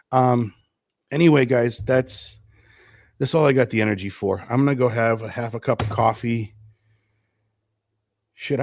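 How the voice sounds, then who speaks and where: A man hosting his own live stream show, sick with the flu and low on energy, chatting loosely and rambling. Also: darkish tone, no echo, studio quality. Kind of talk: casual live stream chat. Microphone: streaming setup.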